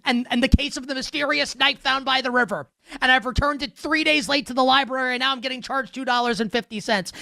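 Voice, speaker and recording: A man hosting a sports betting show, ranting sarcastically through an animated monologue of game commentary. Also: very high-pitched, no room sound, studio quality.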